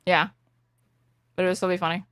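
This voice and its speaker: A woman's voice: on the low side, flat delivery, fairly quick, fairly bright tone, smooth, no room sound, clean studio sound. A woman co-hosting a casual chat, blunt and laughing often, swearing freely. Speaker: co-host.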